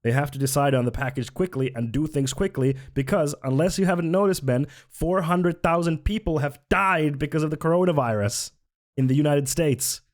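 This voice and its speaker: A man talks back at a political clip with open sarcasm and frequent profanity. His voice sits a little high for a man, and he speaks loosely and casually as he mocks what he hears. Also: a little fast. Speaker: reaction commentator. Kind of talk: casual reaction commentary.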